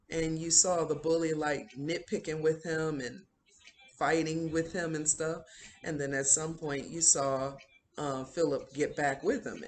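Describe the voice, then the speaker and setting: A woman's voice: low voice, slight background noise. A woman hosting a video who retells a series in a casual, rambling way, with many fillers. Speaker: video host. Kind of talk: casual show recap.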